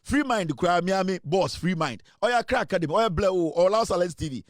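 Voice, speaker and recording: A man's voice: sits high, expressive, fast, dry recording, studio quality. A man with a Ghanaian accent hosting an online talk show, teasing his audience with repeated rhetorical questions and mixing English with Twi. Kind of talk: casual commentary monologue.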